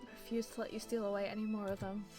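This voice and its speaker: A woman streamer reading a visual novel aloud in first person, with steady storytelling narration and small slips. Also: mid-range voice, fast, music in the background. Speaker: let's play streamer.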